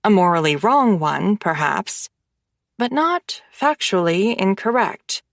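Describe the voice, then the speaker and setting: A woman narrating a romance audiobook in the first person, with measured, intimate storytelling. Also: medium pitch, sing-song, creaky, no echo, studio quality.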